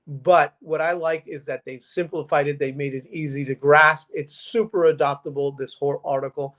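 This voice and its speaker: A man's voice: on the high side, fairly even intonation, a bit bright. A man co-hosting a panel chat, eagerly recommending a tech resource and listing its contents. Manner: eager, rapid list-making. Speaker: co-host.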